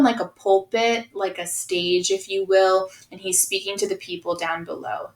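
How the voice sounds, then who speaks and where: A woman teacher talks her class through a text, pausing often to check in with her students. Her voice sits at an ordinary middle pitch. The sound carries the echo of a room. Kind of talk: recorded class lesson.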